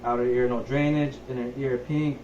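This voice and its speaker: A man's voice: mid-range voice, little pitch movement, moderate pace, mellow, muffled recording. Young man narrating a nursing checkup. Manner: methodical step-by-step narration. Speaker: nurse. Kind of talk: narrated skills demonstration. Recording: echoey room, faint background noise.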